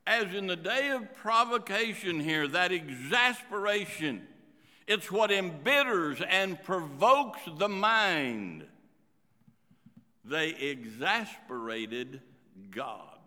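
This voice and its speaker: A man preaching a sermon as pastor, swinging between loud emphasis and quiet asides. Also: high-pitched, sing-song, slow. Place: church sanctuary. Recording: reverberant church hall.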